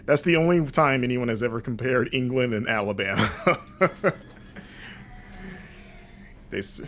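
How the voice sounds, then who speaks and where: A man's voice: mid-range voice, unhurried, a bit bright, a little hiss or hum. A young man from the United States, a streamer and games critic, chatting casually over gameplay and laughing easily. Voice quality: chatty, laughs easily, jumps into playful mock voices.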